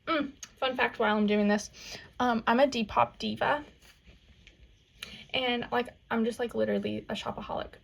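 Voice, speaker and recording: A young woman with a faint Southern US twang talks through her makeup routine in a loose, chatty way. Her voice sits a little high, with a husky, gravelly edge and a lot of vocal fry. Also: steady tone, moderate pace, pauses often. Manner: chatty, valley-girl fillers, frequent "like" and "um". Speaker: makeup vlogger. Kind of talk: casual makeup tutorial chat.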